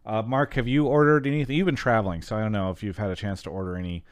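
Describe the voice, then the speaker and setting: A man hosting a call-in show, chatting casually and reading a sponsor spot, often trailing off quietly at the ends of sentences. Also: fairly low pitch, rapid-fire, no echo. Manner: relaxed, rambling, trails off quietly at line ends.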